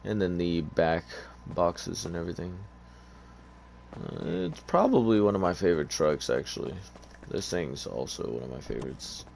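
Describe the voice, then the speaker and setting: A gaming YouTuber with a deep, slightly mellow voice and some vocal fry talks at normal speed with big pitch swings. Sleepy and just awake, he rambles casually over a car game with plenty of fillers, and a little hiss or hum can be heard.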